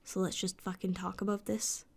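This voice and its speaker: A woman's voice: mid-range voice, level tone, moderate pace, vocal fry. Sweary, sarcastic woman venting late at night. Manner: frustrated, sweary, sarcastic ranting; drops into whispers at times. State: sleepless. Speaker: vlogger.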